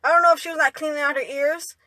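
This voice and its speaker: A woman's voice: sits high, fairly even intonation, very fast, pushed and bright, dry recording. A young woman telling a story in a rambling, indignant way, ending her lines with "right?" and "you know". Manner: indignant retelling. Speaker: vlogger. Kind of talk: storytime monologue.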